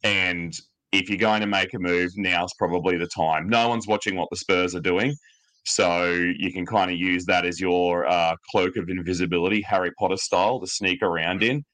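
A man with a very deep voice talks through his points on a podcast. He stays relaxed and easygoing, often pausing on an um. The sound is dry and close, with no room around it. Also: no echo, poor audio. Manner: relaxed, lots of ums, easygoing. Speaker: podcast co-host. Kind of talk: casual podcast chat.

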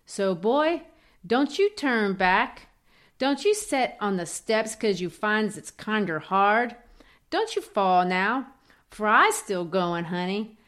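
Weary persevering mother, earnest, slow reading, voiced by a woman, mid-pitched. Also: lively intonation, fairly bright tone. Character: weary, persevering mother advising her son.

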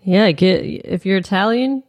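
Slow, gravelly woman co-host. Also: mid-range voice. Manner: dry, short reactions. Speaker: podcast co-host. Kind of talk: casual chat.

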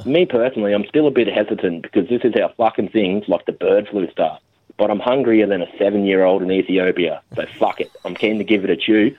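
A man's voice: fairly low pitch, brisk. A man with an Australian accent leaving a crude, boastful call-in message. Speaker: caller. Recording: tinny phone message.

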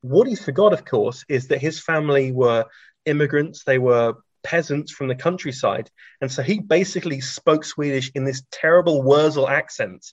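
A man's voice: mid-range voice, normal speed, breathy edge, dry recording. Chatty man telling anecdotes. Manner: chatty, with many ums and restarts, laughing at his own stories. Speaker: science author and guest. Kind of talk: anecdotal conversational storytelling. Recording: dry, slightly dull lo-fi recording.

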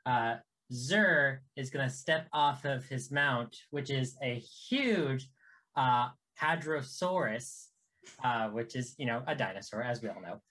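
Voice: mid-range voice, unhurried, fairly bright tone. A tabletop game player describing a character, hesitant and full of joking asides.

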